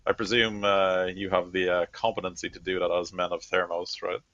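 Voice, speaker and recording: A man narrating as game master of a tabletop role-playing game, relaxed and rambling with many fillers. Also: deep voice, a little fast, no echo, dull audio.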